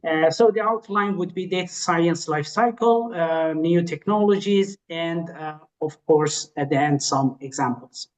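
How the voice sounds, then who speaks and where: Man, fairly high voice, tired, hesitant, webinar lecture, lots of fillers. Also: low-quality recording. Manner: hesitant, many filler pauses. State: tired voice after long teaching. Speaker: guest lecturer. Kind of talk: academic webinar talk.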